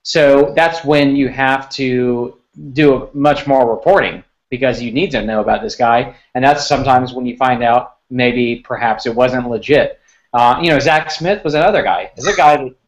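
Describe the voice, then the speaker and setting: A man's voice: medium pitch, moderate pace, poor audio. A man who covers sports recruiting, chatting casually and restarting his sentences as he thinks. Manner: conversational, repeats words while thinking. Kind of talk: casual podcast chat.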